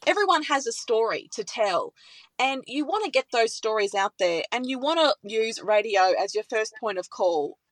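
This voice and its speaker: Enthusiastic woman, high voice. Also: animated, normal speed, no room sound, low-quality recording. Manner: enthusiastic, emotional. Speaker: radio presenter. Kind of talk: conversational interview.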